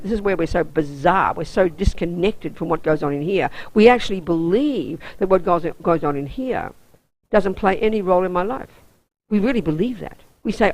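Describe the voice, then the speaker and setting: A woman's voice: fairly low pitch, a little mellow, rough recording. Intense Australian woman teaching. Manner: intense, emphatic, down-to-earth. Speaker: Buddhist nun teacher. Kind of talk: teaching a weekend course.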